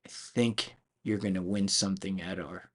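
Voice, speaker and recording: A man voicing a kindly youth baseball coach who speaks in a hushed, confiding way, a little lower than his own voice. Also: fairly even intonation, moderate pace.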